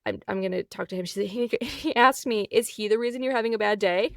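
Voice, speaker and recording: A woman hosting her own podcast, telling a personal story candidly, animated and laughing often as she acts out the people in it. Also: mid-range voice, fast talker, gravelly, few pauses, no echo, clean studio sound. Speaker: podcast host.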